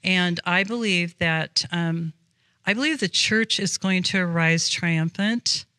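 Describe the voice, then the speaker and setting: A woman's voice: fairly low pitch, slow pace, pushed and bright, dry recording. A woman guest on a faith podcast, talking earnestly in a rambling way, with many fillers. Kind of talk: casual faith conversation.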